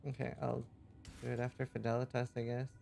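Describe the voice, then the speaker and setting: A man's voice: medium pitch, completely flat delivery, brisk, gravelly, a little mellow, faint music behind. A male streamer playing a game live, exasperated and complaining as viewers sabotage him. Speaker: streamer and gamer. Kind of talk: casual live-stream play.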